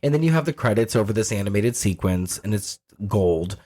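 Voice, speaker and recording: A man's voice: on the low side, fairly quick. A man co-hosting a podcast, casually recapping a film with frequent swearing and laughter. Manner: swears freely, laughs often, lively storytelling. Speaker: podcast co-host.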